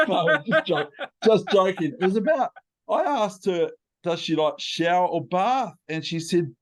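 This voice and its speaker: A man's voice: fairly high pitch, expressive, normal speed. A man with a New Zealand accent interviewing a guest in a playful, chatty way, wandering into asides. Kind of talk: casual interview chat.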